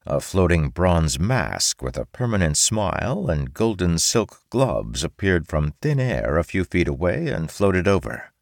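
A man narrating a fantasy audiobook in a steady storytelling manner. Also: low voice, measured pace, vocal fry, few pauses, no room sound, studio quality.

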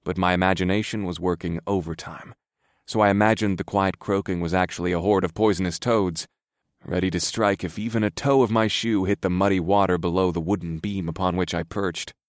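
A man's voice: low voice, steady tone, fairly quick, no echo, studio quality. A man narrating a first-person fantasy audiobook in a wry, grumbling, understated manner.

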